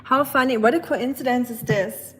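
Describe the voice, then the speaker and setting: A woman's voice: on the high side, moderate pace, a bit bright, a little hiss or hum. A woman from Germany with a German accent, chatting casually with viewers while she cooks on a phone livestream in her kitchen. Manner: chatty, reads out and answers viewers' chat, laughs often. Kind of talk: casual cooking livestream chat. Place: home kitchen. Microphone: phone on the counter.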